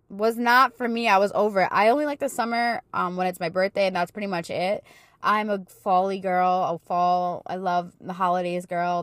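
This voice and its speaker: A woman's voice: mid-range voice, a bit bright, dry recording. Dry-sounding chatty woman in her thirties. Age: 30s. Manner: chatty, encouraging, faith-filled; emotional and fervent in praise. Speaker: podcast host and life coach. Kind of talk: casual motivational talk.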